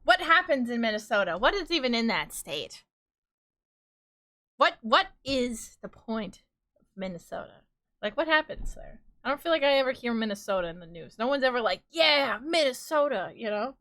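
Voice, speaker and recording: Bright-voiced chatty woman with a New York accent. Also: a little high, expressive, normal speed. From New York, USA. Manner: chatty, rambling, laughs often, riffs in playful quoted voices. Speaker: streamer. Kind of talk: casual live-stream chat with viewers.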